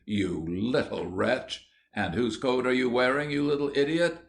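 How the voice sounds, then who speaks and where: A flustered young man at the end of his tether, as a male reader puts him on, voiced higher than the narration with strained, desperate outbursts. He sounds like an older brother permanently pushed too far. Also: unhurried, creaky. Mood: exasperated. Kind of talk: audiobook character voice.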